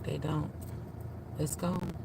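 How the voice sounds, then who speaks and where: Woman vlogging, kinda low voice, animated storyteller, says literally a lot, faint noise behind. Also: slow, vocal fry. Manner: animated, repeats "literally" and "you know"; acts out her own retorts with rising emphasis. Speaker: vlogger and childcare worker. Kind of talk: casual storytelling to camera.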